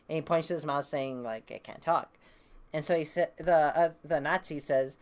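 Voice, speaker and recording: A woman's voice: low-pitched, normal speed, darkish tone. A woman reviewing a comic book issue, casually retelling the plot with lots of fillers and restarts, reading the characters' lines in her own voice. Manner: rambling, hesitant with many fillers and restarts; reads quoted dialogue in her own voice.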